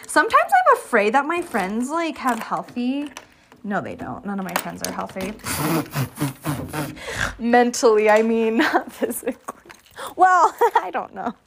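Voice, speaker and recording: A woman's voice: fairly high pitch, huge pitch swings, unhurried, gravelly, pauses often, noisy background. A woman in her twenties rambling casually to her viewers outdoors, giggling, slipping into whispers, and sounding cold. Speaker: vlogger.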